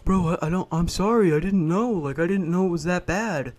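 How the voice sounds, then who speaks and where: A man's voice: high voice, a little fast, a little mellow, natural voice. A man voicing a clueless young front-desk coworker who stammers excuses and apologies. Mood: apologetic. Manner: apologetic, fumbling.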